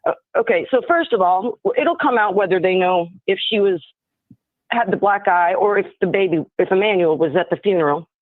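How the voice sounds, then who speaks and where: A woman calls into a live show and rambles through her thoughts in casual, speculative chat, piling up fillers, restarts, and half-finished sentences. Her mid-range voice moves a little fast and comes through a thin, tinny phone line that sounds dry and close.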